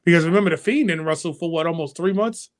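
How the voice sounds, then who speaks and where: A man co-hosting a wrestling talk show, talking in an animated way and acting out fan reactions. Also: fairly high pitch, quick pace. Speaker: podcast co-host. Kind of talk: casual chat.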